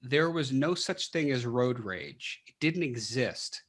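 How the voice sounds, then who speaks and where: A man's voice: mid-range voice, expressive, takes it slowly. A man who is a clinical psychologist, speaking as a podcast guest and explaining things with rhetorical questions and frequent restarts. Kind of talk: casual interview talk.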